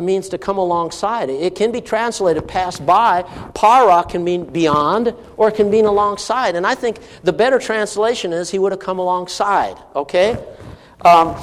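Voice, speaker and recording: A man's voice: fairly high pitch, big-room sound. A man preaching an expository sermon in a conversational way, now and then rising into emphatic bursts. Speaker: pastor.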